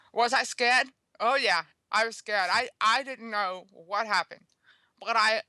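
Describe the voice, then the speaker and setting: A woman's voice: a little high, bright, forceful tone, no echo. A woman guest author telling a personal story in an interview, earnest and chatty, often checking in with the listener. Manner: chatty, earnest, checks in with "okay?" and "you know".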